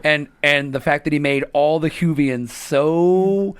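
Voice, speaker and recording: A man co-hosting a casual pop-culture podcast, telling stories in an animated, wry way. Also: a little high, a little slow, clean tone, no room sound, clean studio sound. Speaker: podcast co-host.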